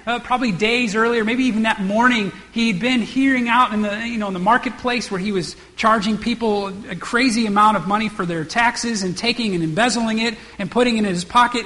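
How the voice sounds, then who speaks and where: A man's voice: sits high, fairly bright tone, in a large hall. A man preaching a sermon, acting out the characters' lines and often restarting his words. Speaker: pastor.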